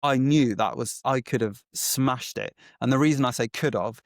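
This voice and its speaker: An English agency founder, appearing as a podcast guest, tells his story in a lively, chatty way, acting out each quoted exchange and saying "like" often. His mid-pitched voice sounds close and dry with no room echo, at a moderate pace, in a casual storytelling interview.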